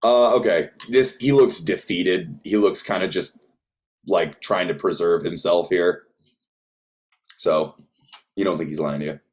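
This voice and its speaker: A man narrates a tabletop role-playing game as game master. His voice is very low and his delivery relaxed and halting. He often pauses to search for words. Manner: relaxed, many fillers and restarts.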